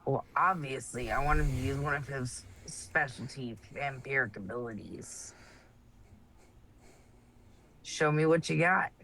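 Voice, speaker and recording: A woman's voice: very deep voice, moderate pace, fairly bright tone, a little hiss or hum, poor audio. A woman playing a tabletop game, blunt and profane in her choices. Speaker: player.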